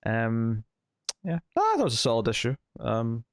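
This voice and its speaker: Relaxed man co-hosting a comics podcast. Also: medium pitch, measured pace, no echo, clean studio sound. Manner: relaxed, thinking aloud with fillers. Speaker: podcast co-host. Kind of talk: casual comic review chat.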